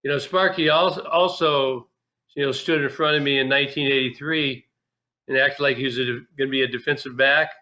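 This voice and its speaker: A man's voice: mid-range voice, a little fast. A man guest, a former pro ballplayer, telling candid, folksy stories in a casual interview. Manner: animated, candid, folksy with restarts.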